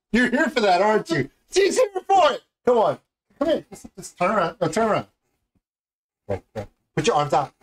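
Enthusiastic man with a lively pitch. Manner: enthusiastic, rambling, jokey. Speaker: music video reaction host. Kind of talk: casual reaction commentary.

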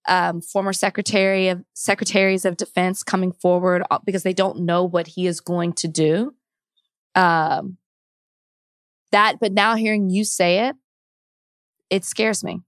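Female podcast co-host, earnest and quick to laugh, dry sound. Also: medium pitch, steady tone, a bit bright, no room sound. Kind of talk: casual podcast chat.

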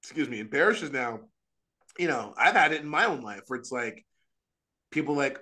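A man speaking as an Orthodox priest on a podcast, earnest and animated, with frequent restarts and quick asides. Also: mid-range voice. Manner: earnest, animated, acts out quoted voices. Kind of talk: casual religious discussion.

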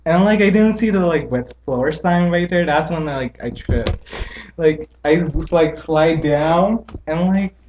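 A woman's voice: deep voice, expressive, darkish tone, highs cut off. Teen girl guest, rambling chatty delivery, noisy amateur recording. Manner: rambling, fills every pause with "like". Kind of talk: casual chat. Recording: noisy background.

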